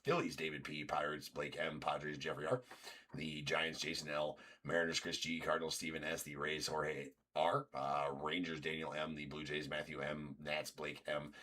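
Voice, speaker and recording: A man's voice: a bass voice, level tone, moderate pace, pushed and bright. A man hosting a live-streamed card break, rattling off teams and names and joking with viewers. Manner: chatty, rattles off team and name lists, jokes with viewers.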